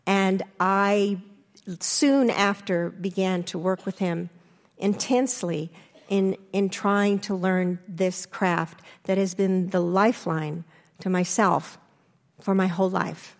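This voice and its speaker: An older woman, an interview guest, telling her story candidly and acting out remembered lines with lively restarts. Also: takes it slowly, in a large hall. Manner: animated, restarts, acts out quotes with rising pitch.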